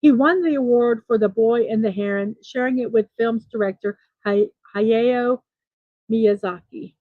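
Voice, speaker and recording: A woman's voice: on the high side, measured pace, dry recording, narrow, tinny audio. A woman hosting a daily morning show, reading birthday and trivia notes aloud with small personal asides between items.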